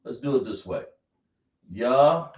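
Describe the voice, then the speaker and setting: Man, teacher, slow delivery, quizzing the class, roomy echo, dull lo-fi sound. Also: mid-range voice, lively intonation. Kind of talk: classroom lesson.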